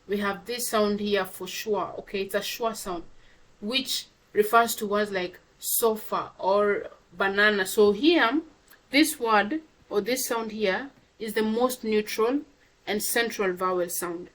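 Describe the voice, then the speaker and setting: A woman teaching a pronunciation lesson to a class. She repeats words slowly to model each sound and checks in often with "okay?". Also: medium pitch, rough recording.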